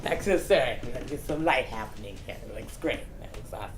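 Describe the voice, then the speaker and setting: A woman's voice: very deep voice, fast talker, reverberant, slight background noise. A woman telling a personal story off the cuff, in casual speech full of "like" and the odd curse word. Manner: casual, animated, peppered with "like" and profanity. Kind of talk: unscripted personal anecdote.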